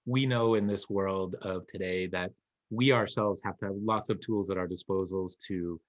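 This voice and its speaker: A man moderating a talk, reading out questions in a measured, deliberate way. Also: low voice, steady tone.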